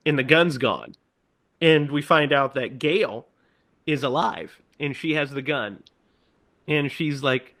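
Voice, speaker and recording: Man, somewhat high voice, animated movie recap, quotes lines in silly voices, laughs a lot. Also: a little slow. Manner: animated retelling, quoting lines in put-on voices, laughing often. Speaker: podcast co-host.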